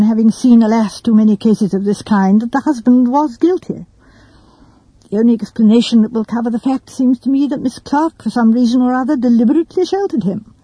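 Woman playing an elderly lawyer, formal, hedging, husky dark voice. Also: on the high side, dry recording, low-quality recording.

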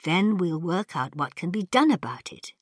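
A woman voicing a brisk, efficient young companion in a brusque manner. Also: fairly low pitch, sing-song, dry recording, clean studio sound.

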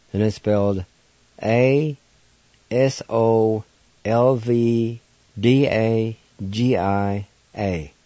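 A man with a Cherokee accent, a radio host, patiently teaching words in a slow lesson and spelling them letter by letter. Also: fairly low pitch, mellow, no echo. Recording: dull dry radio studio sound.

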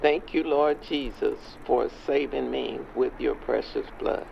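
Gravelly old street preacher, slow and measured, dull lo-fi sound. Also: male voice, mid-range voice, fairly even intonation, heavy background noise. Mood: solemn. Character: stern elderly churchgoer preaching to young men. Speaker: elder leading a prayer.

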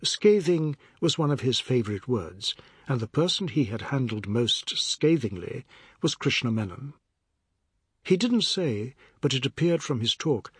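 A man reading a novel aloud as an audiobook narrator, in a measured literary manner. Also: mid-range voice, breathy edge, no room sound, clean studio sound. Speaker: audiobook reader. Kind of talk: scripted narration.

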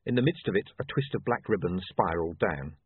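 A man narrating a story in a dry, measured storytelling manner. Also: deep voice, lively intonation, breathy edge, no room sound. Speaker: audiobook narrator. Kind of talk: scripted narration. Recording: tinny dry phone-like line.

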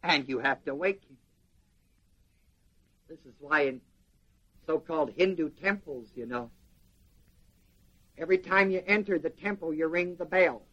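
A man preaching a sermon in an animated way, quizzing the congregation with questions. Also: on the high side, unhurried, long pauses. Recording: dull lo-fi sermon recording.

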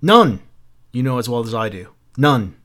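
A man's voice: medium pitch, sing-song, moderate pace, a bit bright. Faber, a jittery frightened old professor, voiced by a man. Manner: jittery, stammering.

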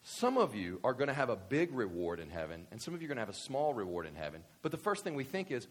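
Male pastor, lively sermon delivery, loud spikes. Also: fairly high pitch, quick pace, hardly any pauses. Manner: animated, swings from quiet to loud excited bursts.

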